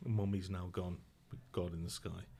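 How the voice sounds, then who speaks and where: Subdued low-voiced man. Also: level tone, creaky, mellow. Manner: subdued, emotional, halting with restarts. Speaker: podcast guest. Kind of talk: personal storytelling.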